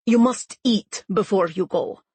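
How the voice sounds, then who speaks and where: A woman's voice: mid-range voice, a little slow, a little mellow, breathy edge, no room sound. Woman doing a stern Russian mother. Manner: firm, no-nonsense.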